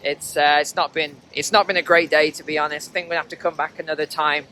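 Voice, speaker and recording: A man with a bright, forceful, fairly high voice chats to his viewers while walking outdoors through snowy streets. His talk is loose and conversational, and a faint hiss sits under it. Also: little pitch movement, fast talker. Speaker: vlogger. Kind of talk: walking travel vlog commentary. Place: outdoors on city streets in snow.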